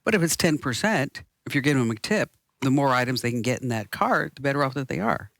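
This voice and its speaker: A man's voice: mid-range voice, lively intonation, fast talker, creaky, fairly bright tone, dry recording, studio quality. A man co-hosting a casual podcast, teasing his partner and laughing often. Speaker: co-host.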